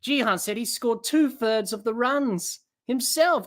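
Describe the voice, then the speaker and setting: A woman hosting a cricket podcast, giving live watch-along commentary in an excitable way, reading out listeners' comments and bursting into shouts at big shots. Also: fairly high pitch, unhurried, few pauses. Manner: reads out chat comments and chats to listeners.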